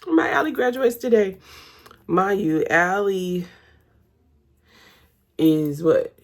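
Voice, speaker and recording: A woman's voice: mid-range voice, lively intonation, slow, long pauses. A young woman, chatting casually with her viewers while doing her makeup at home. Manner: chatty, addresses viewers as y'all. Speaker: vlogger.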